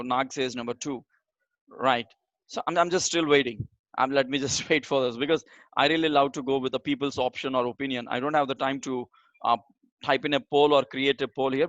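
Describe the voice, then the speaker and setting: A man teaching a live online communication class in an energetic, motivational way, talking straight to his audience and repeating phrases for emphasis. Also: medium pitch, no echo, lo-fi sound. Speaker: communication trainer.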